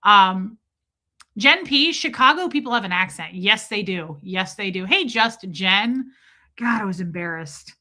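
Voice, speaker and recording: An American woman hosts a livestream, chatting casually and emphatically with viewers in a medium-pitched voice at a slightly slow pace. She's animated and slips into mock accents.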